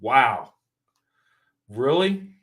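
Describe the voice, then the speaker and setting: A man's voice: mid-range voice, sing-song, extremely slow, a bit bright. A man hosting a reaction video, giving casual commentary in an emphatic, preachy way and repeating points for stress.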